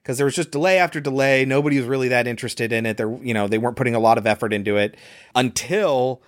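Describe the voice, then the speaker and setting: Man, podcast co-host, relaxed chatty delivery, trivia, mid-range voice. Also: mid-range voice, quick pace. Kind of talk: casual chat, movie recap and trivia.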